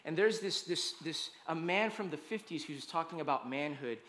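At a normal speed, this pastor speaks in a slightly high, fairly bright voice with lively intonation, keeping his sermon conversational while frequently engaging listeners and hammering points with repetitive lists.

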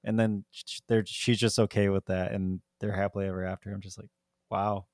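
Speaking a little fast in a flat, slightly mellow, lowish voice, a male podcast co-host rambles casually about a movie. He leans on "like" and laughs a lot, and the studio-quality audio has no room sound.

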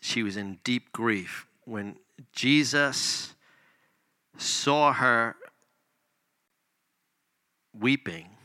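A man preaching a sermon, reading scripture and explaining it conversationally, swinging between loud emphasis and hushed near-whispers. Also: medium pitch, extremely slow, pauses often, dry recording. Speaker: pastor.

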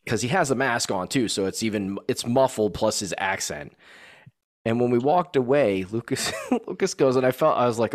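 A man's voice: lowish voice, animated, normal speed. A man in casual chat, telling a rambling story about his young son, full of restarts and fillers.

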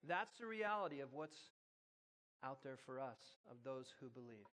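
A man's voice: mid-range voice, expressive, normal speed, sharp tone, in a large hall, a little hiss or hum. A man preaching to a church congregation, telling a personal story and then leading an earnest, prayerful altar call. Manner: earnest, prayerful, builds in intensity when moved. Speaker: pastor. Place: church sanctuary.

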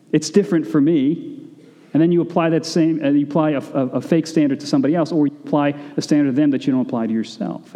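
Mellow-voiced male preacher in a reverberant hall. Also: on the high side. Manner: conversational preaching with asides. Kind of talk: sermon.

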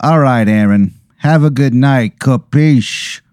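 A man voicing Tony Italiano, a pushy, chummy Italian-American gang boss, with brash, drawn-out exclamations. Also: medium pitch, darkish tone, no echo, studio quality, close to an everyday voice.

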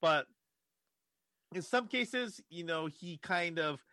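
Man, co-host, bright tense tone, somewhat high voice, halting explanations. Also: expressive, no echo. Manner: halting, restarts often when explaining. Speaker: podcast co-host. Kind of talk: casual podcast chat.

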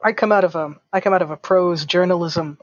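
Aussie woman guest, animated and wry, raspy voice, dull flat recording. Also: fairly low pitch, a little fast, dry recording. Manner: animated, wry, self-interrupting. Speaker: guest, fencing instructor and writer. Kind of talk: casual interview chat.

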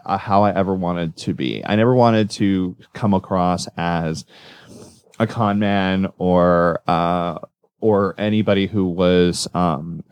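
A male magician talking casually in an interview, rambling and correcting himself as he tells animated stories. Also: on the low side, no echo. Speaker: magician guest.

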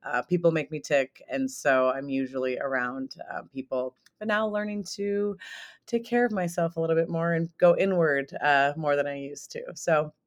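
A woman's voice: sits low, normal speed. Upbeat woman late 30s from southern minnesota, chatty podcast guest, laughs a lot, lots of ums. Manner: chatty and energetic, laughs often, many fillers. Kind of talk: casual podcast interview.

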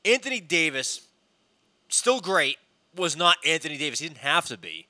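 A man co-hosting a casual sports talk show, blunt and lively, swearing freely. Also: a little high, normal speed, no echo. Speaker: podcast co-host.

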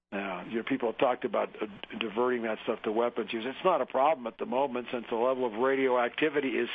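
An earnest male radio host talks and reads news pieces aloud on air, often catching on fillers and restarting phrases. His voice comes through a narrow, tinny band as if from a phone line. A faint hiss sits under everything. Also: mid-range voice. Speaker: radio talk show host. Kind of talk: live radio commentary, reading articles aloud.

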